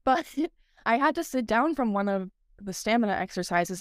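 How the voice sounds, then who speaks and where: A young woman talks through her story on a podcast, loose and chatty, with a filler in nearly every phrase. Her voice is smooth and clear, sitting at an ordinary middle pitch. The sound is dry and close, with no room around it. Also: lively intonation, a little fast, no room sound. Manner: chatty, lots of "like" fillers, laughs often. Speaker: podcast co-host. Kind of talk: casual podcast chat.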